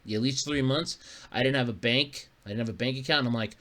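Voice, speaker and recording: A man chats loosely as host of his own podcast and drifts from one story to the next. His voice is bright and forward. He swears offhandedly and chuckles often. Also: medium pitch, fast talker. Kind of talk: casual solo podcast chat.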